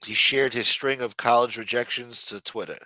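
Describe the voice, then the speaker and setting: In a dry recording, a man with a medium-pitched, pushed and bright voice runs a late-night livestream at a moderate pace and steady tone. He riffs on viewer messages with casual, profane jokes.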